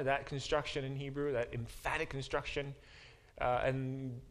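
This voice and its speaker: A man's medium-pitched voice stays level in tone at a moderate pace as he teaches a Bible class. The professor reads verses aloud and explains them, using many fillers and restarts along the way.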